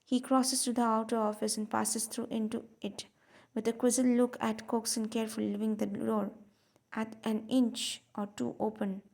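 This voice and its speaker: Woman reading a play, gravelly voice. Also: on the high side, little pitch movement, moderate pace, a little mellow. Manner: reads stage directions aloud, small slips. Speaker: audiobook reader. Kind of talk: reading a stage play aloud.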